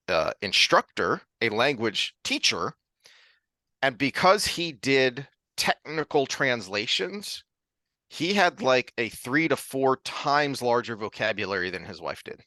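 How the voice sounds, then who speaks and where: A man's voice: medium pitch, lively intonation, measured pace, pushed and bright, no room sound. A man co-hosting a casual book podcast, rambling with frequent restarts and easy laughter. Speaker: podcast co-host.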